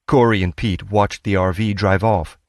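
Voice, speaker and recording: A man reading an audiobook as narrator, steady and measured. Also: fairly low pitch, dry recording, studio quality. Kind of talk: scripted narration.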